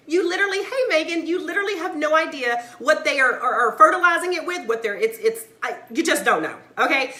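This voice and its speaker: A woman's voice: high-pitched, bright, forceful tone. A woman ranting emphatically on a live stream, addressing viewers as y'all and checking in with "right?" and "okay?". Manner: fired-up, emphatic, keeps asking "right?" and "okay?". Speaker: mother; CBD oil seller vlogger. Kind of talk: live-stream rant to viewers, reading comments. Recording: echoey room.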